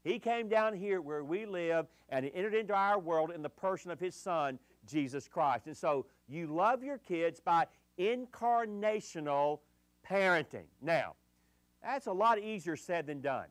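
A male pastor preaching a sermon, speaking deliberately and repeating his key phrases. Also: high-pitched, lively intonation, no echo.

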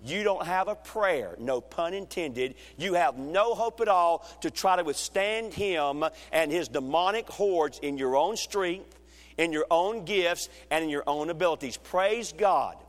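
Man, preacher, sermon, high voice, slow deliberate delivery, emphatic, long hall reverb. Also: animated. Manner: emphatic, rhetorical questions, swings between loud and hushed.

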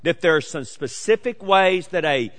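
A man in his late forties delivers a sermon in a bright, ringing voice pitched a little high for a man. He swings from loud, emphatic declarations to hushed, close asides. A long reverb from the church hall trails each phrase. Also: animated, moderate pace. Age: 40s. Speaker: pastor.

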